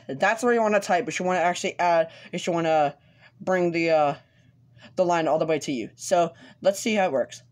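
A man talking through a casual screen-recorded software tutorial, halting, with many fillers and restarts as he explains each step. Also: high voice. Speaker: tutorial host.

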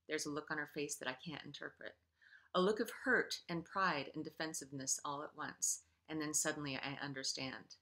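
A woman author reading her own novel aloud in an expressive way, then speaking casually to her listeners. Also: deep voice, normal speed.

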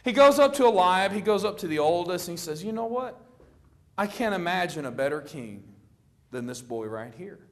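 A middle-aged man preaching a sermon, telling the story with lively acted-out quotes and a plain conversational manner. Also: moderate pace. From Florida. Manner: animated storytelling, acting out quoted lines with rising pitch.

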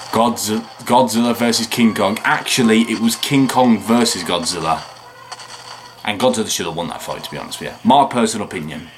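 A tired man hosting a video reaction, rambling and chatting with frequent excited remarks and laughs. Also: on the low side, normal speed, pauses often, background noise. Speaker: reaction channel host. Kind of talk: casual video reaction commentary.

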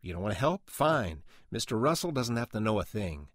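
A man's voice: on the low side, sing-song, a little fast, dry recording, clean studio sound. A man voicing a pushy, persuasive man who coaxes a coworker in an urgent way. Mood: urging.

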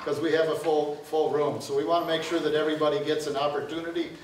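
A man's voice: fairly high pitch, little pitch movement, fast talker. A man moderating a university event, making announcements and setting up questions with hesitant fillers. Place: university lecture room. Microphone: no microphone, recorded from far off. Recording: roomy, distant, noisy.

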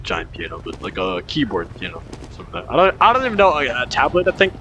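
A man's voice: mid-range voice, wildly swooping pitch, fast talker, pushed and bright, highs cut off, slight background noise. Rambling young man narrating gameplay. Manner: rambling, repeats himself, startled outbursts. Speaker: gaming commentator. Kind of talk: casual gameplay commentary.

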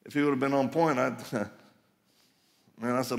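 A man's voice: medium pitch, fairly even intonation, moderate pace, creaky, long pauses, a little hiss or hum. A middle-aged man giving a live sermon at a conference, telling personal stories in an emphatic, joking way. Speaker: conference speaker. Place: large conference hall. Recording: reverberant live hall.

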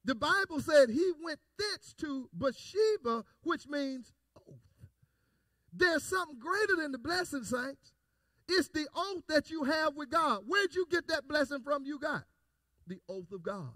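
A male pastor preaching a call-and-response sermon, repeating phrases and building to shouted emphasis. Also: extremely high pitch, lively intonation, unhurried, no room sound, studio quality.

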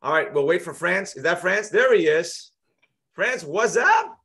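High-voiced friendly host, casual. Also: male voice, expressive, a bit bright. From United States. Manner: friendly, repeats himself, quick asides. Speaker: host of a trading live show. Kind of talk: casual live-stream chat.

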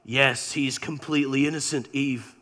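A man's voice: mid-range voice, fairly even intonation, moderate pace, a bit bright, voice pushed down, natural voice. A man preacher voicing a grieving, tender God as he retells a scripture story in a sermon. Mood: sorrowful, solemn. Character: grieving male God, gentle and sorrowful.

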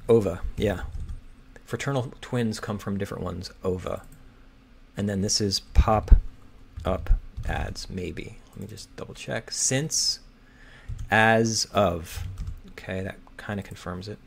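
Slow, gravelly man muttering crossword clues. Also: on the low side. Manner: muttering, hesitant, reads clues aloud slowly. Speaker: crossword solver. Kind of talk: thinking aloud while solving. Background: keyboard typing and clicking.

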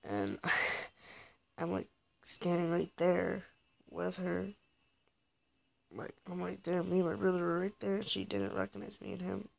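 A man's voice: high-pitched, sing-song, measured pace, gravelly, long pauses, darkish tone. A man giving casual gameplay commentary, talking to his viewers in a rambling, heartfelt way. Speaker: gaming video creator.

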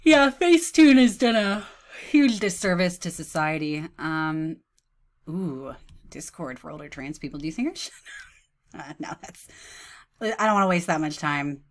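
Sarcastic woman in her thirties, lively. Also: on the low side, a little slow. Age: 30s. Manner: sarcastic, mocking, laughs often. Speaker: commentator. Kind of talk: reaction commentary on photos.

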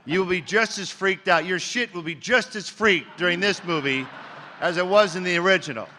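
A man's voice: high voice, normal speed, bright, forceful tone. A man on a convention panel, joking with the crowd in a crass, boisterous way, teasing and mock-insulting them. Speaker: panelist, film producer. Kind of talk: brash comic convention banter. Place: large convention hall, live panel. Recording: echoey convention hall with faint ambience.

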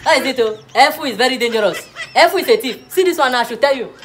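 A woman's voice: high-pitched, quick pace, a bit bright, a little hiss or hum. A woman playing a teacher in a comedy classroom sketch, lecturing preachily and laughing often. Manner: preachy, mock-serious lecturing with frequent laughs.

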